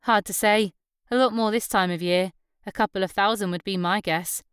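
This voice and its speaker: A woman voicing Susan, a bold, chatty young local woman who talks in a brash, lively way. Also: mid-range voice, moderate pace, smooth, no echo, clean studio sound, natural voice. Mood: storytelling.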